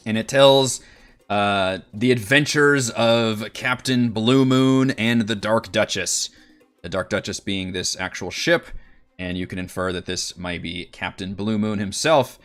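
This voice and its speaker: A man with a lowish voice runs an online tabletop game as dungeon master. He narrates in a relaxed way, with plenty of fillers. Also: smooth.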